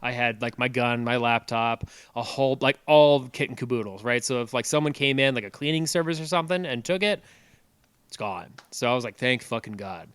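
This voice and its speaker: A young man on a podcast telling a profane, animated story, breaking into loud yelling at times. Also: medium pitch, fairly quick, smooth, no room sound. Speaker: podcast co-host. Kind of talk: casual storytelling chat.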